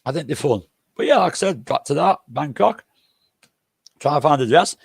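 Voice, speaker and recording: A man's voice: on the high side, lively intonation, moderate pace, creaky, slightly rough, no room sound, studio quality. An older man hosting a livestream, telling rambling, jokey anecdotes and swearing freely. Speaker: livestream host.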